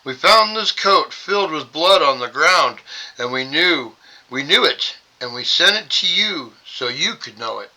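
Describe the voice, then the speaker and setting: A man's voice: fairly high pitch, lively intonation, measured pace, pushed and bright, heavily acted, rough recording. A man reading aloud as a band of brothers telling a false story to their father in a feigned innocent tone. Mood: feigning. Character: lying group of young brothers.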